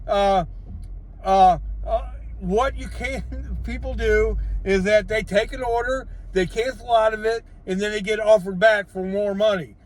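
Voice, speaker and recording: A man's voice: sits high, fairly even intonation, a little slow. An older man, a gig delivery driver, giving blunt, exasperated advice in a casual vlog from his vehicle. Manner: blunt, exasperated, lecturing with rhetorical questions.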